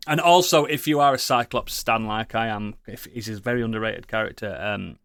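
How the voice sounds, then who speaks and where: A man's voice: fairly low pitch, a little fast, fairly bright tone, clear, resonant tone, no room sound. Rambling, sweary man on a dry mic. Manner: rambling, enthusiastic, swears a lot, many fillers. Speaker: podcast co-host. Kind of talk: casual chat.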